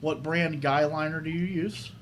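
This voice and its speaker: A man's voice: on the high side, fairly even intonation, normal speed, a little hiss or hum. A man hosting a podcast, chatting casually and reacting with enthusiasm and easy laughter. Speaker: podcast host. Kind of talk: casual interview chat.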